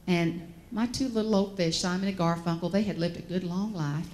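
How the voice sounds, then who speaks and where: A woman from the American South, telling folksy, animated stories as a motivational speaker and acting out the voices in them. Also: medium pitch, a little fast, few pauses, a little hiss or hum. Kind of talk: storytelling keynote speech.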